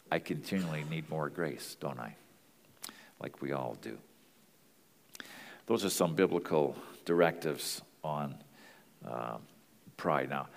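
Deep creaky guy, pastor type, earnest plain bible teaching, echoey big room. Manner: earnest, plain-spoken, with fillers and restarts. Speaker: pastor and marriage counselor.

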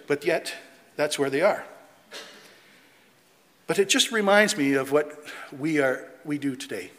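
Animated male preacher in reverberant hall. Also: fairly high pitch, measured pace, pauses often. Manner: animated, mocking quoted voices, reading scripture aloud. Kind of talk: sermon.

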